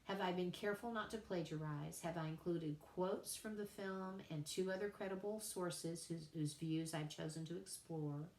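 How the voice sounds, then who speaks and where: A woman writing teacher giving a recorded lecture, deliberate and emphatic, repeating key points for her students. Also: on the low side, a little mellow, a little hiss or hum. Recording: echoey room.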